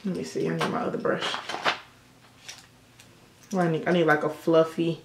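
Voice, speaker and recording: Speaking at normal speed with a deep, flat delivery, this young woman tells swear-laden stories while doing a casual makeup tutorial. The beauty vlogger is in an indoor room at sunset, with reverb and a faint hiss or hum on the audio.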